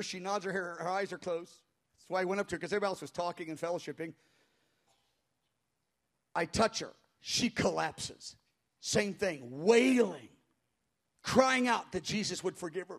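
A man pastor telling a story in a sermon before a live congregation, animated and halting, crying out when he acts out quoted voices. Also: high voice. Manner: halting with frequent restarts.

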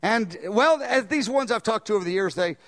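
An older man preaching a sermon as pastor, animated, swinging between loud emphasis and quiet asides. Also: high-pitched, brisk.

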